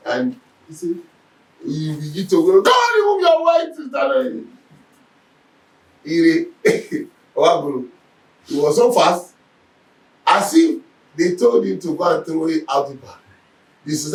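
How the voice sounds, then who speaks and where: A man leads a Bible lesson, his voice a little high for a man. He tells stories with lively energy, slipping into the voices of the people he quotes. He sits some way from the mic in an echoey room. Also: a little slow, long pauses, far from the mic. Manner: animated storytelling, acts out quoted speech. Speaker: Bible teacher.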